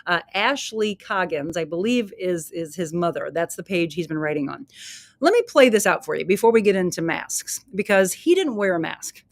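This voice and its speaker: A woman's voice: fairly low pitch, expressive, normal speed, no echo. A woman hosting her own podcast, telling a story in a chatty, casual way with asides to her listeners. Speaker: podcast host.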